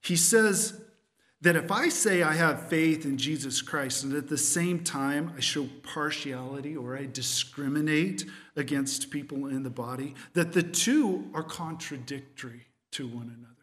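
A man's voice: fairly high pitch, measured pace, fairly bright tone, long reverb tail. A man teaching verse by verse through a Bible letter in an emphatic sermon style, often checking in with "okay?". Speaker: preacher.

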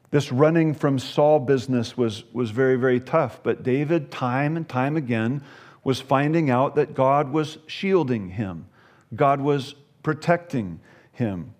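A man's voice: medium pitch, darkish tone. A man teaching a Bible passage, reading verses aloud and then explaining them in a conversational way, often repeating words as he goes.

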